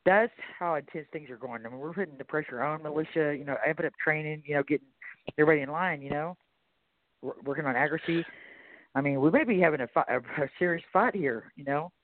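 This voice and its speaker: Fairly high-voiced man on a phone line. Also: dry recording. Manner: halting, stammering restarts. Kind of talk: talk radio conversation. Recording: dry tinny phone line.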